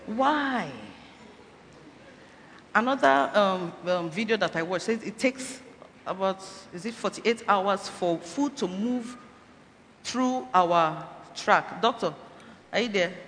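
A church speaker weaves a health talk into her sermon, pressing her listeners with rhetorical questions and encouragement. She speaks in an unhurried, mid-range voice with a slightly bright quality. The hall is echoey, with faint noise in the background.

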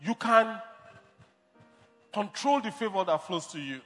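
High-voiced preaching man in a hall. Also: lively intonation, unhurried, long pauses, fairly bright tone, faint music behind. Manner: emphatic preaching with repetitions and restarts. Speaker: pastor. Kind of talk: sermon.

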